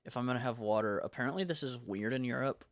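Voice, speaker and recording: A young American man talks off the cuff while he streams his game development work. He rambles in a relaxed, slangy way at a middle pitch. His voice sounds dry and close to a desk mic. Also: fast talker, no echo. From United States. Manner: rambling, laid-back, slangy. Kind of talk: casual livestream chat.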